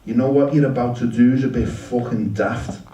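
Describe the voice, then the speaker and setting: A man telling a story live in a dry, deadpan way, swearing freely. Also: mid-range voice, normal speed. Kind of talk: live spoken-word storytelling. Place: shop venue with audience. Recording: roomy shop, mic at a distance.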